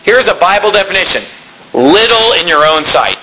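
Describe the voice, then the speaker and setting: Bright-voiced man preaching a sermon. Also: sits high, very animated, normal speed, low-quality recording. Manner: conversational preaching, folksy asides. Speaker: pastor. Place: church.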